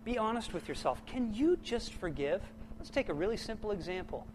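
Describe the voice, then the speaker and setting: A middle-aged man preaching a sermon to his church, impassioned, swinging from loud bursts to hushed, quiet lines. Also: high-pitched, very animated, a little fast, slight background noise, low-quality recording.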